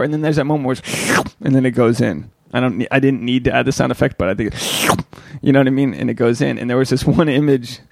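A man's voice: medium pitch, fast talker, vocal fry, no room sound. A young man co-hosting a casual podcast, rambling and crude as he tells stories and acts out quoted lines. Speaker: podcast co-host.

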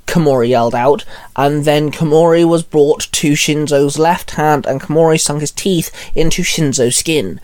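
Man narrator, slightly high voice, casual plain read of fan fiction. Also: normal speed, a little mellow. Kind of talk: reading fan fiction aloud.

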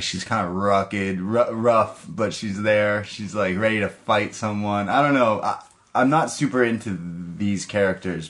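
A man co-hosting a podcast, recapping a wrestling show in loose, rambling casual chat with many restarts. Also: sits low. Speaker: podcast co-host.

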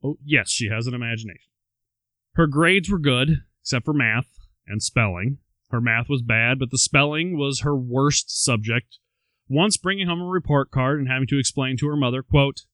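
A man's voice: mid-range voice, normal speed, a bit bright, no room sound. A man co-hosting a podcast, telling a life story and reading quotes aloud, with wry asides between them. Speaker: podcast co-host. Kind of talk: storytelling chat.

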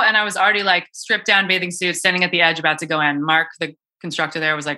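A bright-voiced woman coach talks through cold exposure in a loose, chatty way, full of fillers and restarts. Her voice sits a little low for a woman. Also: steady tone, fast. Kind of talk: casual podcast conversation.

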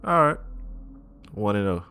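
A man's voice: on the low side, big pitch swings, a little slow, a crowd in the background. A young man co-hosting a podcast in casual chat, laid-back and slangy, laughing often. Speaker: podcast co-host.

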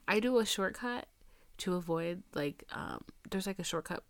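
A young woman hosts a podcast, telling a dating story in a chatty, profane style, calling the listener "girl" and dropping to a near whisper for asides. Her medium-pitched voice is gravelly and animated, her pace measured, with no room sound.

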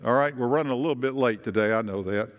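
A man with a mid-range voice talks fast as he preaches a sermon, pastor-style, asking the congregation questions conversationally. The recording, made in a church sanctuary, is muffled and has a long hall reverb.

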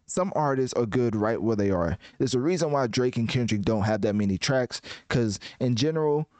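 A man giving casual music commentary in a rambling, animated way, often restarting his sentences. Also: mid-range voice, moderate pace, dry recording.

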